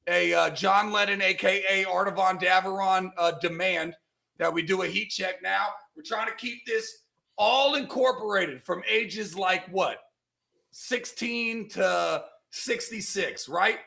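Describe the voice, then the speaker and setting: A middle-aged man from California hosts a casual sports talk show, loud, emphatic and quick to argue. His voice sits high and bright, with a gravelly edge of vocal fry running through it. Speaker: podcast host.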